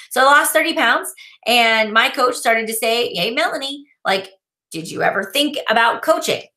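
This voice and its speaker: A woman in her thirties, a fitness coach, telling her own story in a lively testimonial and acting out the lines she quotes. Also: mid-range voice. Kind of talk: personal testimonial to camera.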